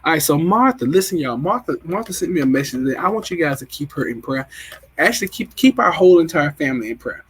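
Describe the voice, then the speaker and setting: Male live-stream host, 40s, slightly high and husky; chatty and emotional, greets viewers. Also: very animated, fast talker, fairly bright tone, rough recording. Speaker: livestream host.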